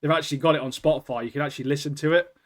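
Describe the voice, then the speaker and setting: A young British man co-hosting a podcast, chatting casually and excitedly, swearing and calling his friend "mate" constantly. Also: a little high, rapid-fire. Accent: British English. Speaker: podcast co-host. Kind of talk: casual chat.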